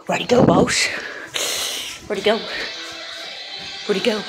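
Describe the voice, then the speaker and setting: A young woman making a chaotic, profane comedy vlog who rambles loudly and often breaks into yells. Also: medium pitch, unhurried, over loud music. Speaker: vlogger.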